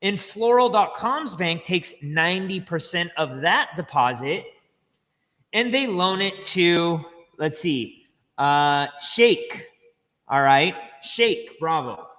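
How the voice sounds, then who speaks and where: A man explaining banking step by step in casual livestream chat, chatty and quick to laugh. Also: a little high, expressive, bright, forceful tone, long reverb tail. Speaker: finance educator guest.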